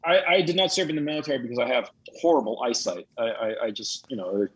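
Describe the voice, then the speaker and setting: A man from Chile, a guest coach on a video call, speaking in a measured way with frequent fillers and restarts. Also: medium pitch, animated, fairly bright tone, slightly rough, no echo, poor audio. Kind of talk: casual chat.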